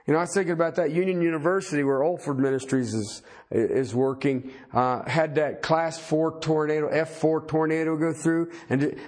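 This is a man delivering a sermon, his voice rising loud and high as he reads scripture. He repeatedly asks the crowd questions.

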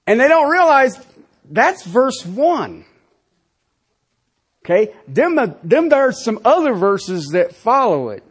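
A male pastor preaching with a high, husky voice that swings widely in pitch. He talks slowly and emphatically, firing off rhetorical questions and checking in with "Okay?" as he teaches. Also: sing-song. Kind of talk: sermon.

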